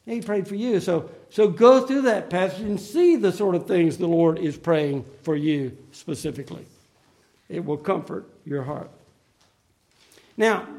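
A man preaching a sermon in an earnest, emphatic way, slowing down to stress key phrases. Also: high-pitched, vocal fry, warm tone.

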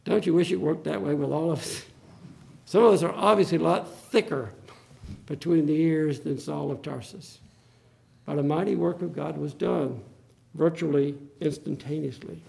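High-pitched gravelly male preacher. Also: normal speed, dark tone. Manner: dramatic, acts out the Bible quotes. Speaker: pastor. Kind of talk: sermon.

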